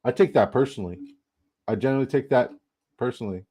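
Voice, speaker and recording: A young man hosting a casual livestream, excitable, rambling and profane as he chats with viewers. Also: medium pitch, fast, slightly rough. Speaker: livestream host.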